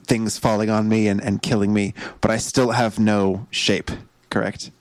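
Low-voiced, joking tabletop player. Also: male voice, level tone, moderate pace, no echo. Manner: jokey, laughing banter. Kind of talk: playing a tabletop game.

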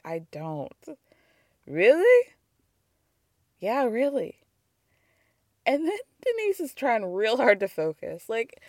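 A woman's voice: mid-range voice, no room sound, clean studio sound. A woman hosting a casual recap podcast, gossiping and laughing as she acts out quotes, with a cold. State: has a cold. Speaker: podcast host.

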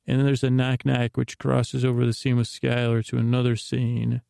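A man's voice: mid-range voice, completely flat delivery, normal speed, vocal fry, dark tone, dry recording, studio quality. A man hosting a sleep podcast, retelling a TV episode in a meandering bedtime ramble full of restarts and asides. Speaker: podcast host.

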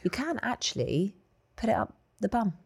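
A woman's voice: medium pitch, very animated, normal speed, vocal fry, breathy edge. A woman, co-hosting a casual chat, who asks questions and teases her co-host. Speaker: podcast co-host.

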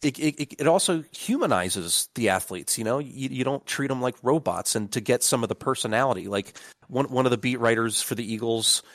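A young man chatting casually on a sports podcast, swearing freely and packing his sentences with "like". His voice sits at an ordinary pitch. The sound is dry and close. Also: lively intonation, fairly quick, hardly any pauses, no room sound. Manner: rambling, profane, lots of "like" fillers. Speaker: podcast co-host.

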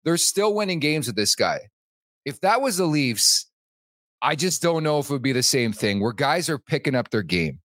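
A man's voice: mid-range voice, sing-song, moderate pace, fairly bright tone, no room sound. A man hosting a sports podcast in casual chat, leaning on "like" as a filler and swearing casually. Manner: loose, leans on "like", swears casually. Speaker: podcast host.

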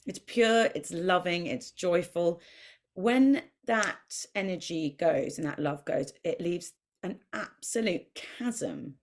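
A woman guest on a podcast, chatting and telling lively anecdotes, acting out what she and others said. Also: on the low side, slow. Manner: animated storyteller who acts out voices and quotes.

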